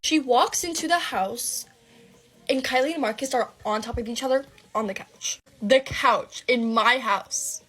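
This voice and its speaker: Animated young woman telling a story. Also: a little high, breathy edge. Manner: animated, breathless retelling with frequent swearing and fillers. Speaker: storytime vlogger. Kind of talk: dramatic storytime narration.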